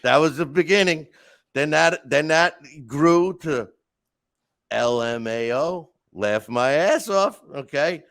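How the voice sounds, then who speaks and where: Man, podcast host, lively swooping pitch, a bit high, dry close sound. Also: slow pace, dry recording. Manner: animated storytelling, frequent restarts and asides. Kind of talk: casual monologue.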